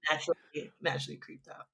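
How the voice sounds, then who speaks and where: A woman actor chatting as a podcast guest, telling stories with lots of laughter and animated delivery. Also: low-pitched, vocal fry. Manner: laughs often, animated storytelling. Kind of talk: casual interview chat.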